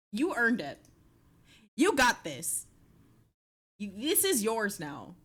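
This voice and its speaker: An excitable young woman chats casually on a live stream. Her pitch swings widely while her delivery stays unhurried, and she peppers her talk with swearing. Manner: excitable, swearing, breaks into shrieks and laughter.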